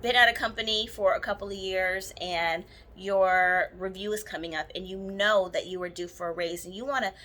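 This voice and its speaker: A woman's voice: medium pitch, fairly even intonation, moderate pace, hardly any pauses, sharp tone. A woman giving a casual how-to talk to camera about spells, chatty and rambling, with many ums and restarts. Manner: enthusiastic about her own work. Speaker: spiritual practitioner teaching jar spells.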